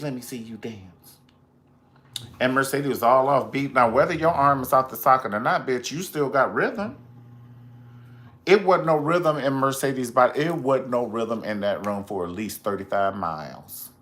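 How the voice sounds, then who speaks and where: Animated, profane male show host. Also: medium pitch. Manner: animated, profane, dramatic squeals when quoting. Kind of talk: casual pop culture commentary.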